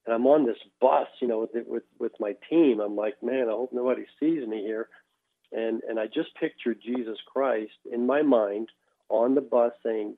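Man telling his testimony over a phone line. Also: mid-range voice. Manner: halting, repeats words as he restarts. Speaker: guest. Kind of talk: telling a personal faith testimony.

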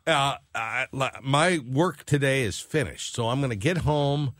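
A man's voice: medium pitch, a little slow, fairly bright tone, no echo, studio quality. A man co-hosting a radio show, telling a long, rambling everyday story at an easy pace with lots of fillers. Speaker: radio co-host. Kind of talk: casual chat.

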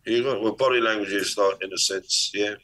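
A man's voice: on the low side, fairly quick, poor audio. A middle-aged man, a business coach talking at length in a podcast interview and acting out tones of voice as he explains. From Ireland. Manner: animated, explanatory, long-winded, acts out tones of voice. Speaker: guest, business performance coach.

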